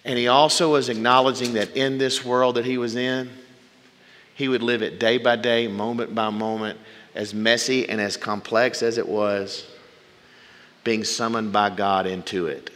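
A male preacher delivering a sermon with folksy humorous asides, swinging between loud bursts and hushed, drawn-out phrases. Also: medium pitch, steady tone. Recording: long reverb from a large hall.

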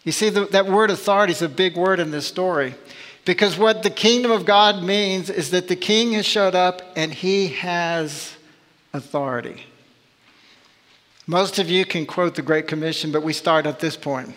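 A pastor delivers a sermon with emphatic, searching rhetorical questions. His voice sits high for a man. A long reverb trails every phrase, as in a large church sanctuary. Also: normal speed, a bit bright.

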